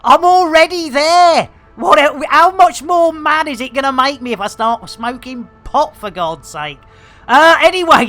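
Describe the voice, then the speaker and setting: A middle-aged English streamer talks casually to his viewers, swearing and going off on rants. His voice is bright and forward, his pitch swings widely, and faint music plays behind him. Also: measured pace. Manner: animated, swearing, ranting. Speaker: game streamer.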